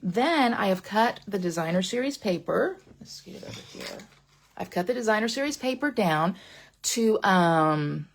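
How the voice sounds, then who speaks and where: Gravelly-voiced woman chatting while crafting. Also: mid-range voice, lively intonation, normal speed. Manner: chatty, repeats phrases, reads viewer comments aloud. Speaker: card-making instructor. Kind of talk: live crafting class with chat.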